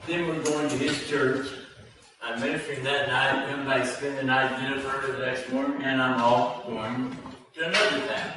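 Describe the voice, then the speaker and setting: A man's voice: mid-range voice, pushed and bright. Male preacher, storytelling sermon, very echoey hall, mic far away, faint hiss. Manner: conversational storytelling, voicing the people in his story.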